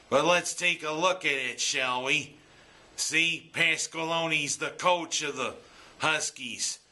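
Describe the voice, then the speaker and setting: A man delivers an exasperated sports rant, slow and deliberate, pausing to make his points land. His voice sits fairly high for a man and has a very bright, sharp edge. He mixes frustration with sarcastic jokes. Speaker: sports commentator.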